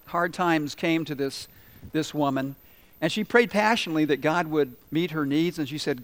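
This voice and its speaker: A man's voice: fairly high pitch, moderate pace, a bit bright. A man preaching a sermon, telling humorous stories and asking the congregation questions. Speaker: pastor.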